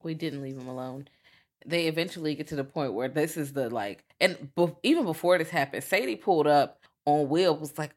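A woman's voice: deep voice, lively intonation, a little fast. A woman in her thirties co-hosting a podcast, chatting casually and profanely about a movie and acting out scenes in voices. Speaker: podcast co-host. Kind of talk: casual movie review chat.

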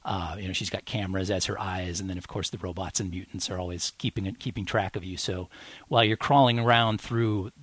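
A man's voice: low-pitched, fairly even intonation, a little fast, husky, no room sound. A man co-hosting a podcast, chatting eagerly and rambling with lots of fillers and restarts. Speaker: podcast co-host. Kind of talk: casual chat.

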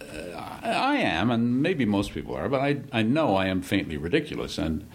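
A man from Saskatchewan, Canada, speaks as an interview guest in an easy, comforting, pull-up-a-chair manner. His voice is low and gravelly. His pitch moves in lively swoops through each remark. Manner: unhurried, comforting conversational cadence. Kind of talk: casual interview chat.

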